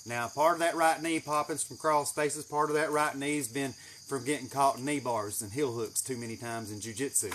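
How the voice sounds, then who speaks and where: A man telling a story in a casual, animated way, swearing heavily as he goes. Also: medium pitch, moderate pace, a little hiss or hum. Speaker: channel host. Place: greenhouse.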